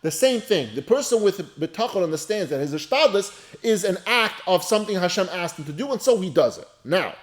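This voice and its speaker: A man's voice: high voice, expressive, a little fast, hardly any pauses. A man, a rabbi teaching a Torah class, who reads a line of Hebrew and then translates and explains it in a casual, conversational way. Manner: conversational and repetitive, speaks straight to listeners.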